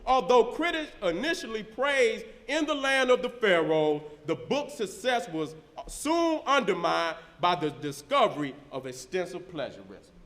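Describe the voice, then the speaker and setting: Man, live debate, emphatic and combative, high-pitched, recorded from a distance. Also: expressive, measured pace, few pauses, fairly bright tone, roomy sound. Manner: emphatic, combative, slangy asides. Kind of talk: live debate, reading documents aloud. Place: event hall with a crowd.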